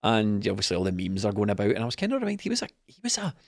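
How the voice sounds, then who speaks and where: Animated man, dry close sound. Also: fairly low pitch, very fast, creaky, no room sound. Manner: animated, mocking, laughs often. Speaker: podcast co-host. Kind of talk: casual football chat.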